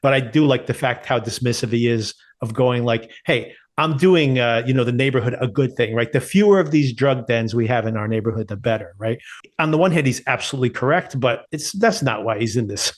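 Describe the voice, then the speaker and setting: A man's voice: mid-range voice, fairly quick. A man co-hosting a podcast, chatting casually and thoughtfully about a TV series, with frequent chuckles. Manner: thoughtful, relaxed, chuckles often. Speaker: podcast co-host. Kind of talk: casual TV review chat.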